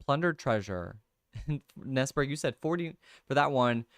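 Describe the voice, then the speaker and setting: A young man casually hosting a livestream, thinking out loud over crossword clues, reading viewer comments and laughing often. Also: medium pitch, animated, slow pace, pauses often, clear, resonant tone, no room sound, clean studio sound. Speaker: livestream host. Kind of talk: casual chat, solving a crossword with chat.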